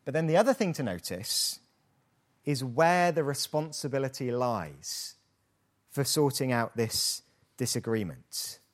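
British male pastor, slow lively sermon delivery, rhetorical tag questions. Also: medium pitch. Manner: lively, rhetorical questions, mock-hesitant asides. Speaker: preacher.

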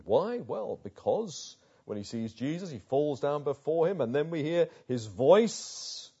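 A man's voice: on the high side, very animated, a little slow, dark tone, husky, lo-fi sound. A man preaching a sermon, building vivid pictures through repeated rhetorical questions.

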